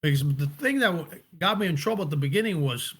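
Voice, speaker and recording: A man being interviewed about his acting work, talking in a reflective, casual way and often pausing to find his words. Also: on the high side, animated, a bit bright, husky. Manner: reflective, searching for words, restarts. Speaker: actor and director, guest.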